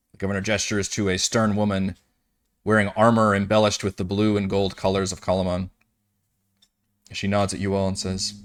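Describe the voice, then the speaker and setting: A man narrating a tabletop game as game master over a voice call, describing scenes slowly with many fillers. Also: low-pitched, flat delivery. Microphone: headset or desk mic on a voice call.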